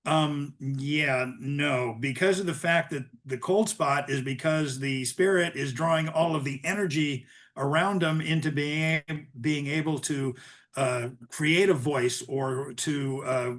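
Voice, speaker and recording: A man's voice: a little high, fairly bright tone. An older man, an author guest, talking casually in a webinar with plenty of ums and restarts. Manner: chatty, many ums and restarts. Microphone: video call.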